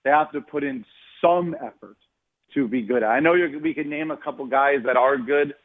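A man who writes about baseball, a guest on a radio show, giving measured opinions. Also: a little high. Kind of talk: radio interview. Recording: tinny phone line.

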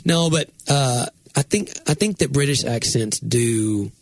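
Rambling husky middle-aged man chatting. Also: measured pace, dry recording. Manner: rambling, self-correcting, excitable pitch jumps. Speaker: pastor and podcast co-host. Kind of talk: casual chat.

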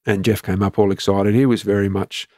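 A middle-aged Australian man, a former police commander, telling his story in an interview in a plain, matter-of-fact way with halting restarts. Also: lowish voice, level tone, darkish tone, no room sound, studio quality.

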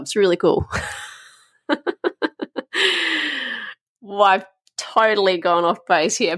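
A woman's voice: on the high side, a bit bright, dry recording, studio quality. A woman in her thirties with an Australian accent, hosting a casual solo podcast in a frank, chatty way, swearing freely and wandering off topic. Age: 30s. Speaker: podcast host. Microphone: podcast microphone.

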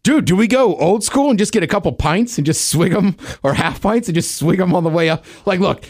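A man's voice: high-pitched, lively intonation, fairly quick, a little mellow. A man from D.C. co-hosting a podcast, joking around in laid-back, slangy casual chat. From Washington, D.C. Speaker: podcast co-host.

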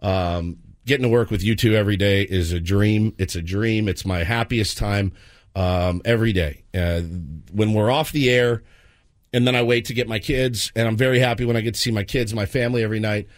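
A man's voice: lowish voice, brisk, no room sound. Earnest forties man, dry studio sound. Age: 40s. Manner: earnest and emotional, rambling with restarts. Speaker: radio sports show host. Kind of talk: heartfelt on-air talk. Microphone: studio microphone.

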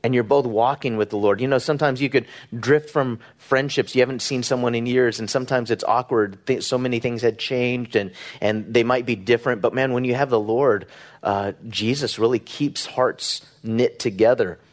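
A man's voice: medium pitch, normal speed. A middle-aged man, a pastor from Southern California, preaching in an earnest, conversational way, with rhetorical questions and small restarts. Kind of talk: sermon.

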